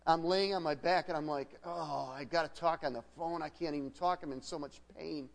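Folksy middle-aged pastor in a reverberant hall. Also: male voice, a little high, fairly quick, vocal fry. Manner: conversational, folksy storyteller with frequent restarts. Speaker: guest pastor. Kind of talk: sermon told as a personal story.

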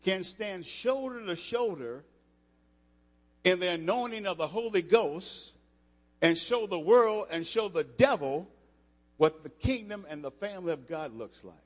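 Older male preacher, emphatic, fairly high voice, long hall reverb. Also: expressive, a little slow. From United States. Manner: emphatic, rising to loud passages, with restarts. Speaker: preacher, former football player. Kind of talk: sermon. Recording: echoey hall.

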